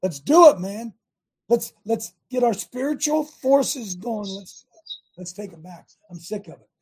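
A man's voice: high-pitched, animated, measured pace, warm tone, slightly rough. An older American man hosting a talk show, rallying listeners in a rambling, preachy monologue with many restarts.

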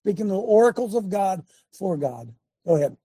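A man's voice: high voice, very animated, normal speed, mellow, husky, no echo. A man preaching casually on a live show, folksy and emphatic, calling out to his tech crew.

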